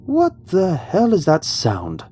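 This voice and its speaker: A man doing a gruff Midwestern father. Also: sits high, huge pitch swings, takes it slowly, mellow, slight background noise, pitched above the performer's own voice, full character voice. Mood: alarmed. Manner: snappish, irritated. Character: gruff frustrated middle-aged father.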